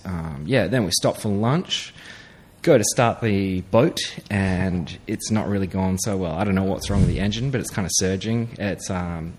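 Low husky male storyteller, relaxed, laughs through his anecdotes. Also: normal speed. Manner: laid-back, laughs through his stories. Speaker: guest angler. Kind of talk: casual storytelling chat.

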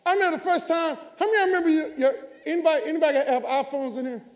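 A man, preaching a lively sermon and calling out to the congregation, often shouting. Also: extremely high pitch, very fast. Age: 50s. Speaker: pastor. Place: large church hall. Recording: church hall with long reverb.

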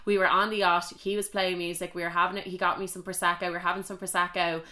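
A young Irish woman tells a story in a casual, chatty way, quick to swear and full of animation. Her voice sits a little low but has a bright, forceful edge. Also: little pitch movement. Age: young adult.

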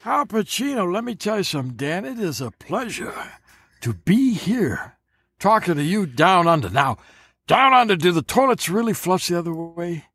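A man doing an impression of a brash, raspy older male film star, swaggering and crude. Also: high-pitched, very animated, moderate pace, fairly bright tone, no echo, voice pushed up, full character voice.

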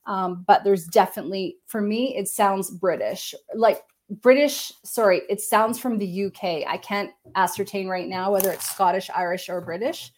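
On a live stream, a woman who works as a medium gives a gentle, wandering psychic reading full of fillers and hedges. She talks into a computer in a mid-range voice at a normal speed.

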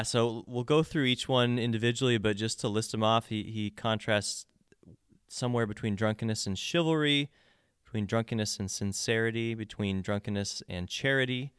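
A man with a low, clean voice talks through song lyrics in a casual podcast chat. He explains in detail and restarts his sentences often. The sound is close and dry, with no room echo. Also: fairly bright tone, smooth. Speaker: podcast co-host. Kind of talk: casual album discussion.

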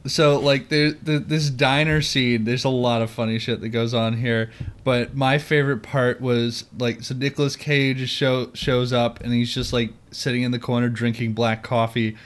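A man's voice: medium pitch, flat delivery, moderate pace, smooth. A man co-hosting a podcast, chatting casually about a film, laughing often and rambling with fillers. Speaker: podcast co-host. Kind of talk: casual movie review chat.

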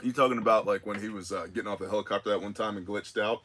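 A man's voice: fairly low pitch, steady tone, very fast, fairly bright tone, slightly rough. A man hosting a podcast in casual chat, joking with his guest and laughing often. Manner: joking, laughs often, reads listener messages aloud. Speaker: podcast host.

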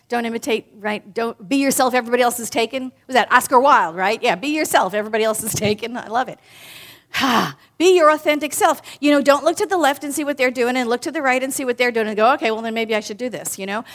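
A woman minister giving a sermon, animated and playful, talking directly to her congregation. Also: high voice. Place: in front of a live congregation.

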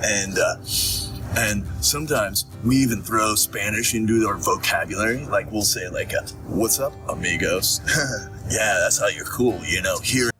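A man's voice: fairly low pitch, normal speed, sharp tone, faint music behind, rough recording. A man in a played clip casually explaining slang, laid-back and chuckling.

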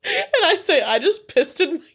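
A woman's voice: very high voice, huge pitch swings, a little slow, a bit bright. A woman co-hosting a casual podcast chat, teasing her friend and laughing often as she reads messages aloud. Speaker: podcast co-host.

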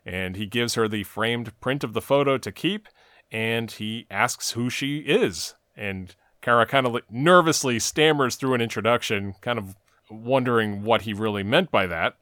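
A man's voice: mid-range voice, normal speed, bright, forceful tone, dry recording. A man with a mid-range voice, recapping an episode in long, run-on stretches of plot. The sound is dry and close, with no room around it. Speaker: podcast co-host recapping a TV episode. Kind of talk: casual recap chat.

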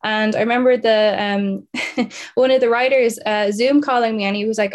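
A woman's voice: medium pitch, fast. A woman actress talking in a casual interview, bubbly and enthusiastic. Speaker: actress guest.

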